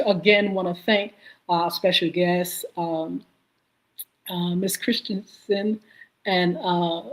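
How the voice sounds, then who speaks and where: A woman hosting a live-stream podcast, greeting chat viewers by name and pausing often on filler sounds. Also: medium pitch. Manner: halting, many filler "uh"s. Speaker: podcast host.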